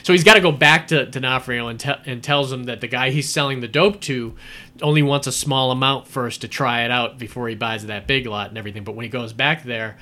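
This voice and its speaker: A man's voice: mid-range voice, fairly quick, bright, forceful tone. A man in casual podcast chat, retelling film scenes in a rambling way with many fillers and laughs.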